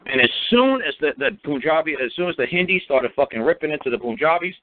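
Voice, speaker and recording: A man's voice: a little high, lively intonation, fast, slight background noise. A man talking as a guest on a call-in show, telling a story in a blunt, emphatic and heavily profane way. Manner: emphatic, commanding. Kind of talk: casual call-in radio talk. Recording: dry tinny phone line.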